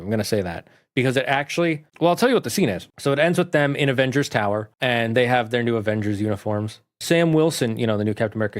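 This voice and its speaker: Rambling man retelling a movie. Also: medium pitch. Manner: rambling, animated, with restarts. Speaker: movie reviewer.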